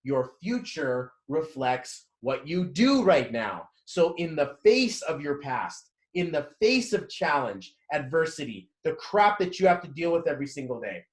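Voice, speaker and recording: A man's voice: a little high, big pitch swings, measured pace, hardly any pauses, echoey room. A man in his thirties giving a candid motivational talk about his past, swearing freely and acting out old conversations while walking. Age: 30s. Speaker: motivational vlogger. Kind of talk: personal motivational monologue.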